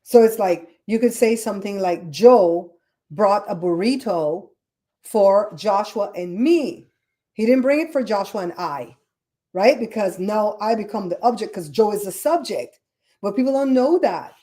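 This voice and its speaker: Caribbean-accented woman host, animated casual chat, warm mellow tone. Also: mid-range voice, moderate pace. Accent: Caribbean English. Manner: chatty, animated storyteller, fussy about grammar. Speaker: podcast host. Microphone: streaming setup microphone.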